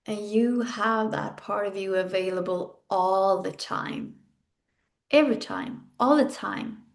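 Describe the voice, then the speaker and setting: Woman coach talking you through a breathing exercise, slow, frank, swears a lot. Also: mid-range voice, gravelly. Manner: intimate, frank, swears casually, with sighs and laughs. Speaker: podcast host and coach. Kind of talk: guided self-development exercise.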